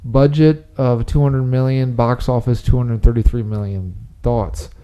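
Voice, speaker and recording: Mellow-voiced young man rambling excitedly. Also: mid-range voice, a little slow, smooth, lo-fi sound. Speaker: podcast co-host. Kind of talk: casual chat.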